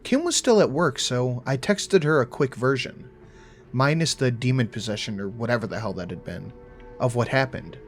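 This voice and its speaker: A man's voice: mid-range voice, lively intonation, moderate pace, faint music behind. A man narrating a first-person horror story in a casual, profane, wry voice.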